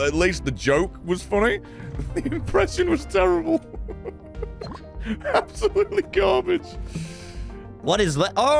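A man commenting on his gameplay in a profane, excitable way, often yelling at what happens on screen. His voice sits a little high and swings wildly in pitch. Game music plays faintly behind him. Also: vocal fry. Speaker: gaming channel host. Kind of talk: let's play commentary.

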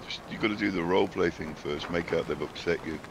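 A man's voice: deep voice, quick pace, vocal fry, background noise. A man chatting casually with a friend during a game, teasing him and swearing freely. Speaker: friend and co-player. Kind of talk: casual gaming chat.

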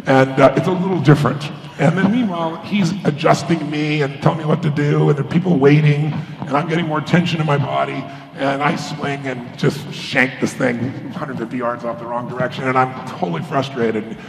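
Speaking briskly in a creaky, fairly high voice with a steady tone, a man gives a motivational keynote before a live crowd. He tells stories and performs the voices of their characters, and the large conference hall sounds echoey with faint ambience.

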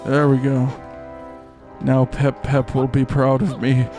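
A young man giving goofy, excitable live commentary while playing a game, rambling with many fillers. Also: medium pitch, slow. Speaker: streamer. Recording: faint game music behind.

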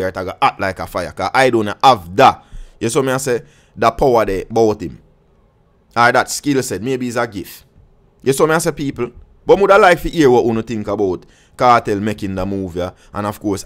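A man's voice: mid-range voice, fairly quick. A man with a Jamaican accent giving casual commentary on dancehall music to his viewers, speaking heavy patois, rambling with frequent restarts and checking in with his audience. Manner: patois-heavy, keeps asking "you see me I say".

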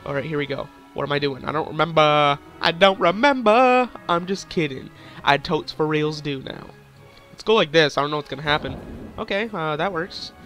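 A man's voice: fairly high pitch, brisk, a bit bright. A young man giving goofy, crude, rambling commentary while playing a game, with faint music behind. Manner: silly, crude, rambling jokes. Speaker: gaming YouTuber.

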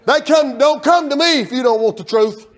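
A man preaching a sermon as pastor, telling folksy stories in a loud, animated way. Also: very high-pitched, normal speed.

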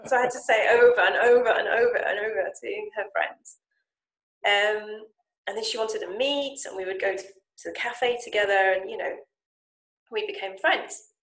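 A woman telling a casual story as a language coach, animated and quick to act out quoted voices. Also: medium pitch. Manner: lively, animated retelling with acted-out quotes. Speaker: Japanese speaking coach and founder. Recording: echoey room.

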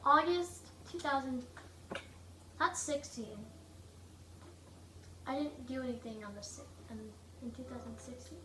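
A woman giving casual, rambling gameplay commentary, joking and mocking herself, her throat a little rough from coughing. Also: high-pitched, a little slow, long pauses, distant mic. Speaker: gaming video maker. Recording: echoey room, away from mic, faint noise.

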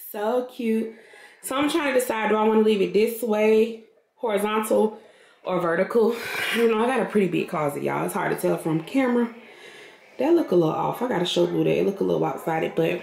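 A woman's voice: medium pitch, a little fast, vocal fry, a little mellow, slight background noise. A woman, chatting casually to her viewers in a home vlog and calling them y'all and girl. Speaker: vlogger. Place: at home, in a walk-in closet. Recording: echoey home room, faint music.

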